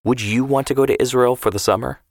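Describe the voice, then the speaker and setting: A man reading the part of a sharp-tongued, affectionate grandfather in a story, in plain banter. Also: medium pitch, fairly even intonation, fast, no echo, studio quality, pitched above the performer's own voice, close to an everyday voice. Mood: teasing. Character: feisty, teasing grandfather, older man.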